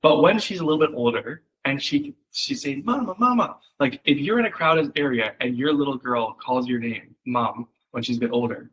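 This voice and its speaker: Over a rough recording, a male copywriting coach talks fairly quickly with few pauses, his mid-range voice fairly bright and slightly rough. His one-on-one copy critique is loose and chatty, crowded with fillers and acted-out quotes.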